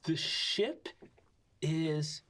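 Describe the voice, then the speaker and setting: A man narrating a tabletop game as game master, casual and halting. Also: on the high side, bright, forceful tone, a little hiss or hum.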